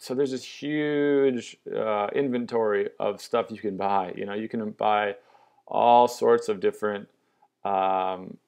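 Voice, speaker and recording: A man's voice: on the low side, gravelly, darkish tone. A young man casually and enthusiastically walking through an app demo, upbeat and loose with fillers. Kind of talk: casual product demo walkthrough.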